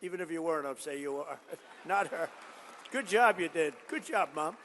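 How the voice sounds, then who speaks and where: A man delivers a rally speech in a fairly high, gravelly voice. He drifts into long stories and boastful asides, hammering his points home by repeating them. His voice rings out with the long reverb of a large hall. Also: expressive, moderate pace, a bit bright, slight background noise. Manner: rambling storytelling with boastful asides; repetitive, emphatic phrasing. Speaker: politician addressing a rally. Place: large event venue.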